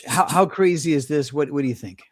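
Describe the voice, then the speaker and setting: A man's voice: on the high side, fairly quick, no echo. A man co-hosting a casual podcast who rambles, restarts his sentences and poses questions to the others. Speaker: podcast co-host. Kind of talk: casual chat.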